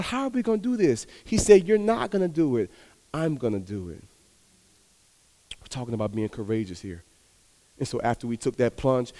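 A man preaching a sermon, telling a personal story and acting out the dialogue with lively, animated delivery. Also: fairly high pitch, long reverb tail.

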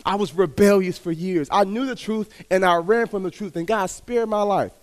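A man from Texas, preaching a sermon in a conversational way, asking the crowd to respond, building up and then dropping to a hush. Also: high voice, moderate pace. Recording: long hall reverb.

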